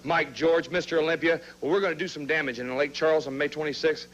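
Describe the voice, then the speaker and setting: A man with a slightly high voice cuts a wrestling promo in a drawl. He is fired up and throws out a challenge to his rival. The sound is the muffled audio of an old TV recording. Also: fairly even intonation, quick pace, fairly bright tone.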